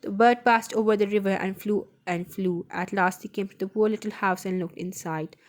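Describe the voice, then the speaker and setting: A woman's voice: medium pitch, fairly even intonation, normal speed. A woman reading a children's story aloud as a voice-over, carefully and with small slips and restarts.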